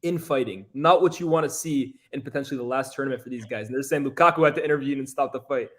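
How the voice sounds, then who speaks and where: A man co-hosting a casual football chat, animated and laughing, hammering his points with repetition. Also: medium pitch, quick pace. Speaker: football pundit co-host.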